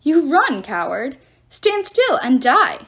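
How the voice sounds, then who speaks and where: A woman's voice: on the high side, lively intonation, moderate pace, lightly acted. A woman voicing a huge boastful male sea giant who taunts and bellows threats. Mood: furious. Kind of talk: audiobook character reading.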